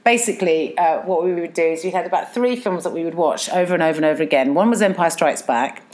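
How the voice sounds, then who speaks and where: A woman's voice: fairly low pitch, quick pace, a little mellow. A woman in her thirties, co-hosting a casual chat, wry and chatty with cheeky jokes. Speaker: podcast co-host.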